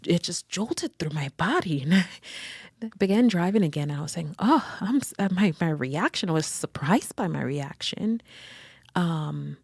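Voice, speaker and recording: A woman's voice: low voice, animated, normal speed, gravelly, breathy edge, no echo, studio quality. A woman podcast host, a therapist, talking in a reflective, searching way and often correcting herself as she thinks aloud. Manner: searching, self-correcting, gently conversational. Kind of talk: reflective solo talk.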